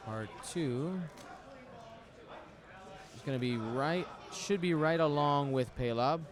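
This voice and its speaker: A man's voice: a little high, slow, a crowd in the background. A man commentating a tabletop game match live, chatty and thinking aloud, often repeating himself.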